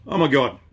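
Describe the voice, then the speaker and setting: An Australian man hosting a casual live stream from his shop, chatty and laid-back, greeting viewers by name as he talks. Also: fairly bright tone. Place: inside his outdoor shop.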